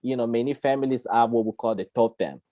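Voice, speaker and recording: A man's voice: mid-range voice, fast, warm tone. Laughing man explaining things chattily. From Congo. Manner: chatty, laughs often, repeats words, checks in with "you know, all right?". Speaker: guest speaker on Kongo spirituality. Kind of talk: casual explanatory talk.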